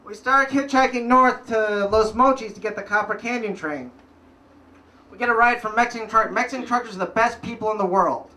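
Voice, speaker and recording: High, bright-voiced man telling a story. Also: distant mic. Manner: casual, wry storytelling with punchline pauses. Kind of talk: live story slam telling. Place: live event stage.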